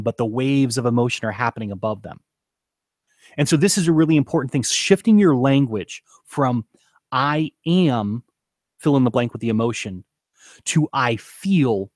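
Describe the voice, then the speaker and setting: A man's voice: a little high, dry recording, clean studio sound. A man coaching on leadership, talking to camera in an earnest, emphatic way and repeating points for stress. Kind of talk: teaching talk to camera.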